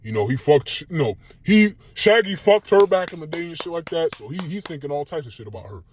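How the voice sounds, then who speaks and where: A man's voice: fairly high pitch, lively intonation, fast, a little hiss or hum. A man telling a comic street story in a loose, slangy way, laughing as he goes. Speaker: comedian telling a skit.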